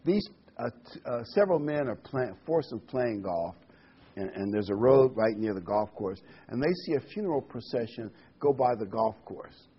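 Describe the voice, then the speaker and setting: A man's voice: mid-range voice, expressive, moderate pace, slightly rough. A man preaching a Bible study sermon, reading scripture aloud, telling jokes and stressing key words. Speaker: pastor. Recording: dull lo-fi recording.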